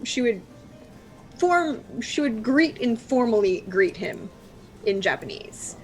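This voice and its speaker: A woman's voice: fairly high pitch, big pitch swings, slow, soft background music. A woman playing a tabletop game over a video call, chatty and self-mocking. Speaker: player. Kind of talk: casual tabletop play.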